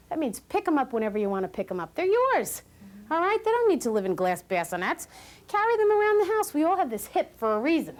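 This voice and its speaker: A woman giving a lively, joking lecture to new parents as a parenting class instructor. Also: a little high.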